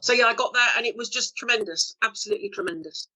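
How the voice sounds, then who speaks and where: Middle-aged lady telling showbiz stories on a call, animated, acts out what people said. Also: a little high, fast talker, poor audio. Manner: lively storyteller, acts out quotes, laughs often. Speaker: actor being interviewed. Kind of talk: anecdotal interview chat.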